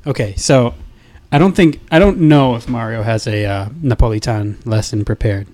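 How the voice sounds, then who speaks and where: A man co-hosting a casual podcast, teasing the others with quick jokes and interjections. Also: mid-range voice, darkish tone. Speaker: podcast co-host. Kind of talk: casual chat.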